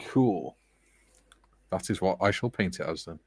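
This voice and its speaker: A man co-hosting a relaxed livestream, chatting and joking as he builds a scale model. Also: low-pitched, a little slow, long pauses, husky, dry recording. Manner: chatty, joking, reads viewer comments aloud. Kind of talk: relaxed casual chat.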